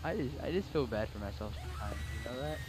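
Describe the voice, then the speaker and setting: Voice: medium pitch, quick pace. Hyper gamer voice jumping all over, trash talking while playing, hissy noisy recording. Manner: excitable trash talk, yelps and gasps. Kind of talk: casual gameplay commentary.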